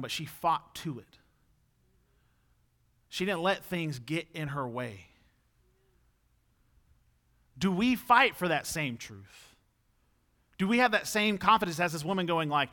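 A young man delivering a sermon with a bright, forward tone and a slightly higher voice than most men. He talks conversationally, then lifts into emphatic peaks when he drives a point home. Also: lively intonation, unhurried. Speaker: preacher.

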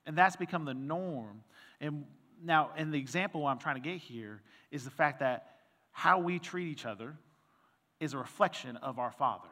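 A man's voice: fairly high pitch, normal speed, bright, forceful tone, big-room sound. A male pastor giving a conversational sermon, telling a personal story with quoted dialogue and reading scripture aloud.

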